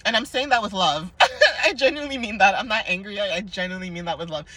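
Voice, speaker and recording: A woman's voice: mid-range voice, fast talker, pushed and bright, no echo. A young woman giving a casual spiritual card reading in a chatty, playful, sassy way, laughing often. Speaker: oracle card reader.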